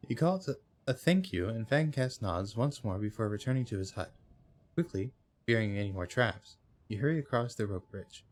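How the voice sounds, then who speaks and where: A man's voice: lowish voice, lively intonation, moderate pace. A man hosting a let's play, reading the game's story text aloud with hesitations and frequent self-corrections. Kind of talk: reading game text aloud while playing.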